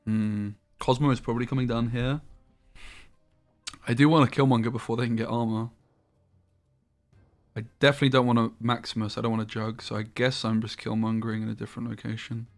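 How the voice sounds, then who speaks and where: A man's voice: medium pitch, level tone, a little fast, long pauses, soft background music. A man streaming a card game live, thinking aloud about each play and swearing casually as he goes.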